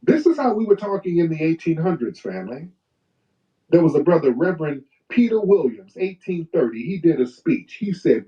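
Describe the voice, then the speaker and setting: Black guy preaching to his audience, reads quotes slow and heavy, sounds far from the mic and kinda muffled. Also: on the high side, very animated. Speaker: host of a live talk stream. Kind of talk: impassioned casual talk, reading old quotes. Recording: distant, muffled live stream audio.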